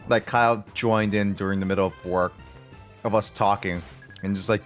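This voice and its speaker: A man's voice: fairly low pitch, fairly even intonation, moderate pace, faint music behind. A young man streaming a game, chatting casually, laughing often and musing aloud about the game. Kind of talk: casual chat while gaming.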